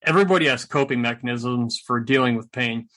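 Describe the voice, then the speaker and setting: A middle-aged man, a veteran guest in an interview, telling stories in a casual, animated, joking way with a sarcastic streak. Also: medium pitch, brisk. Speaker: guest, combat veteran and speaker.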